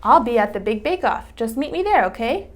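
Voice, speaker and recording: A woman's voice: a little high, big pitch swings, brisk. A woman doing a chirpy bakery owner. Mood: upbeat.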